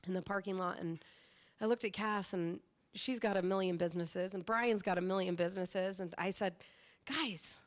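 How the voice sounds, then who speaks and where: A middle-aged woman from Southern California, a company founder telling her story in a casual interview with lively energy. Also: lowish voice, brisk. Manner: lively, animated storytelling with laughs.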